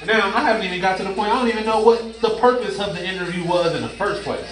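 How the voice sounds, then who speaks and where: A man co-hosting a casual group chat, telling a story in an animated, opinionated way. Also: high voice, quick pace, soft background music. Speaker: co-host. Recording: echoey room, mic far off.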